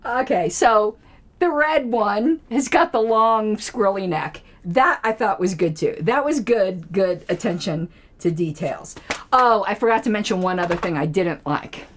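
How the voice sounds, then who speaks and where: Chatty woman with lively pitch. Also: unhurried, a little hiss or hum. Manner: rambling, laughs often, talks to herself while trying to recall names. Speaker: political commentary channel host. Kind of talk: casual solo TV episode discussion.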